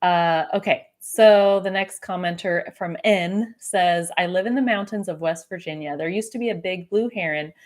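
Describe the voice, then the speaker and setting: A woman's voice: lowish voice, normal speed, hardly any pauses. A woman hosting a podcast, chatting casually and reading viewer comments aloud, often restarting her sentences with a light laugh. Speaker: podcast host.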